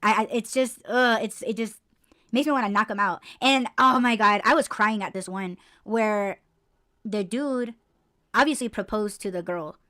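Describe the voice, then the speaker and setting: Animated, swearing woman telling stories. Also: medium pitch, moderate pace. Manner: animated storytelling, heavy swearing and "like" fillers. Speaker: podcast co-host. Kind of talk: casual chat.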